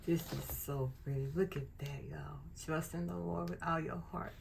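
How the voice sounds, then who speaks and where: A woman's voice: sits low, fairly even intonation, moderate pace, gravelly, background noise. A woman hosting a casual unboxing vlog, gushing over craft and faith supplies. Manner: gushing, effusive. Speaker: channel host.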